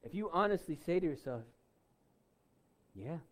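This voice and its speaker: A man preaching a sermon, driving points home with loud, stressed words and dropping to soft, low asides. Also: measured pace. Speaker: pastor.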